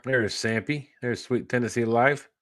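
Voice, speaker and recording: A man with a medium-pitched, fairly bright voice speaks at an unhurried pace in a dry recording. He co-hosts a fishing livestream, reading viewer comments aloud in an easygoing way and laughing between them.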